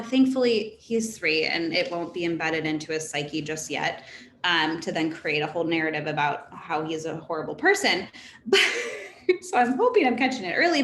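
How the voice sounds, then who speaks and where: Woman in her 30s, therapist chatting to a parent group, animated and casual, roomy echo. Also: on the low side. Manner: conversational and animated, laughs between points. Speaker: therapist speaking to a parent council. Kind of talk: informal presentation. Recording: echoey room with faint background noise.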